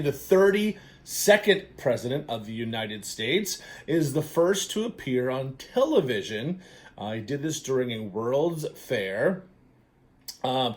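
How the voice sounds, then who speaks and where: An upbeat man with a medium-pitched voice hosts a casual, chatty trivia quiz to camera. He's encouraging throughout, with plenty of fillers and self-corrections.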